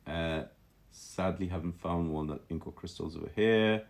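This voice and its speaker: Deep-voiced guy teaching calligraphy on a stream, excited, lots of um and restarts. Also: normal speed, creaky. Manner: enthusiastic, musing, full of restarts and filler. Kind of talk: live-streamed lesson, casual commentary.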